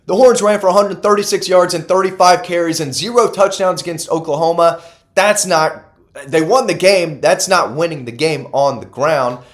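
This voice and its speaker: A man's voice: a little high, normal speed. A man giving solo college football analysis, emphatic and casual, repeating key stats for effect and correcting himself as he goes. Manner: self-correcting, casual asides. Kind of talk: solo sports commentary.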